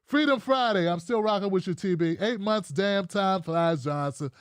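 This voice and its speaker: A man's voice: high voice, normal speed, clear, resonant tone, dry recording, clean studio sound. A man from the United States hosting a political livestream, ranting bluntly with heavy profanity and reading out viewer comments. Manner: reads out live chat comments. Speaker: livestream host.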